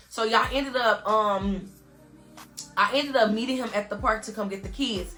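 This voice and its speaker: With faint music in the background, a young woman vlogger speaks at a normal pace in a fairly bright, higher-pitched voice. It's an earnest, emotional story-time aimed straight at her viewers, peppered with "y'all."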